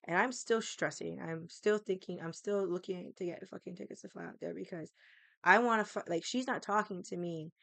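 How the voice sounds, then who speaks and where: A woman's voice: fairly low pitch, moderate pace, creaky, a bit bright, no echo. A woman livestreamer telling a story in casual, rambling speech, swearing constantly as she talks. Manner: restarts and fillers, loosely paced.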